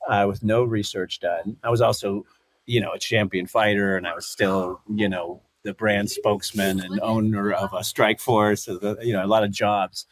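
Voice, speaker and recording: A man in his fifties, a guest in a casual interview, telling stories in an animated way, acting out quotes and laughing often. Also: on the low side, normal speed. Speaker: guest, former fighter and commentator.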